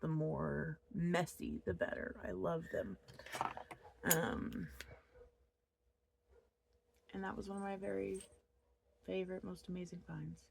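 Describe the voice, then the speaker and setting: A woman in her thirties talks casually to her camera from a home office, rambling from one thought to the next. Her voice sits on the low side with a gravelly, creaky texture, and she sounds openly upset. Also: fairly even intonation, slow pace, long pauses, slight background noise. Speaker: crochet vlogger.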